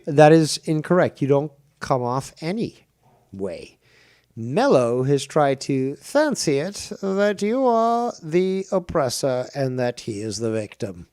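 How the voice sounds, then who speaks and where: A man's voice: on the high side, very animated, slow, a little mellow. Profane ranting male podcast host. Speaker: show host. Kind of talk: heated podcast debate.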